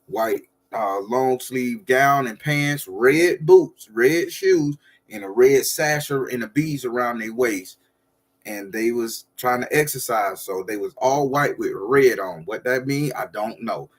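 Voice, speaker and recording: A man hosts a casual livestream. He rambles loosely and talks straight to his viewers, with a voice of ordinary, middling pitch. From southern Florida. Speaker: livestream host.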